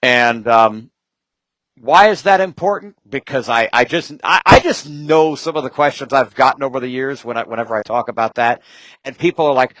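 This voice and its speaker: A man talking as a guest in casual chat, rambling from point to point with quick asides and jokes. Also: mid-range voice, fairly bright tone, no echo, rough recording.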